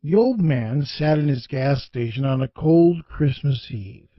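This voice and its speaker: A man's voice: medium pitch, unhurried, no echo, muffled recording. A man narrating a story in a plainspoken, folksy way.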